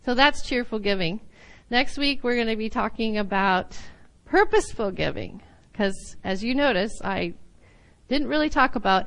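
A woman teaching a Bible lesson to a group, her voice sitting a little high. She is animated and laughs often, sometimes slipping into playful little voices to act out a point. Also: moderate pace, vocal fry, low-quality recording. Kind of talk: sermon teaching.

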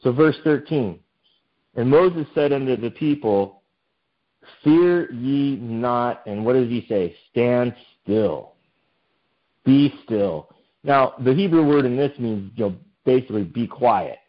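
A pastor gives an informal Bible study sermon, reading scripture aloud and then explaining it conversationally with many fillers. His mid-range voice is expressive and a little slow, and the recording has a dull lo-fi sound.

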